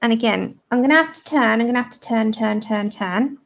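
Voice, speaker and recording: A woman's voice: a little high, fairly quick, dull audio. A woman hosting a live colouring tutorial, chatting with viewers by name and laughing often as she works. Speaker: art livestream host.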